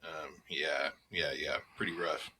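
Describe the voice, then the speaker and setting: A young man co-hosting a casual comedy podcast, laid-back and quick to laugh. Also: a bass voice, fairly even intonation, sharp tone, a little hiss or hum. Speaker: podcast co-host.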